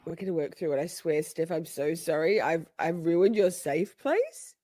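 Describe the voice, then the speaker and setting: A woman's voice: deep voice, expressive, moderate pace, dark tone, dry recording, clean studio sound. A woman hosting a casual livestream, chatting with playful mock outrage and frequent laughter. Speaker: livestream host.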